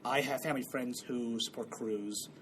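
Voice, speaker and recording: A man's voice: medium pitch, steady tone, moderate pace, a bit bright, slight background noise. A man co-hosting a podcast, chatting casually with fillers and frequent laughs. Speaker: podcast co-host. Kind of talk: casual chat.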